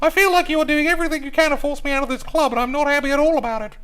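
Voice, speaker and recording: A man voicing an upset young male footballer who whines in a high, theatrical voice. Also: steady tone, very fast, pushed and bright. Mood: whiny. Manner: high whining complaint, theatrical.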